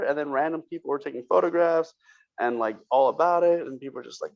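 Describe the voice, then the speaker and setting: A man's voice: mid-range voice, a little fast, creaky, highs cut off. A man co-hosting a podcast, telling a long, rambling story in casual chat and cursing freely. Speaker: podcast co-host.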